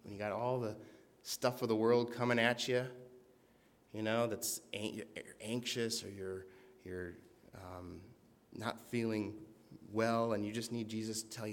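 Earnest male preacher, conversational sermon delivery, slightly low voice. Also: level tone, measured pace, long reverb tail. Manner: earnest, conversational, reads scripture aloud with emphasis.

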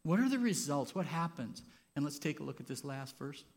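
A man preaching a sermon as pastor in a church, moving from quiet, personal reflection to loud, impassioned stretches. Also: fairly high pitch, very animated, a little fast.

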